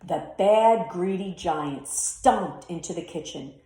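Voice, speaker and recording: A woman's voice: fairly low pitch, takes it slowly, hardly any pauses, mellow. A woman teacher reading a children's storybook aloud expressively, then talking to her pupils. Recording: roomy echo.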